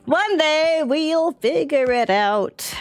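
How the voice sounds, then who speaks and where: A woman livestreaming a game and chatting casually with a friend, her fairly high voice swooping all over as she laughs. Faint music plays underneath. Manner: laughs often, animated, talking while eating. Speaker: streamer. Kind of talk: casual chat while playing a game.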